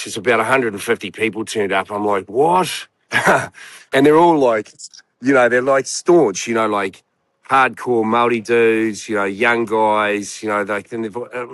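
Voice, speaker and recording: A man's voice: fairly low pitch, dry recording. A man, a guest telling a long personal story in casual chat, rambling and swearing with many fillers. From New Zealand.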